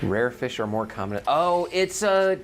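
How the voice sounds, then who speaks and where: Gravelly low-voiced man streaming a game. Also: very animated, normal speed, faint music behind. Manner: rambling, thinks aloud, self-correcting. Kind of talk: casual gameplay livestream chat.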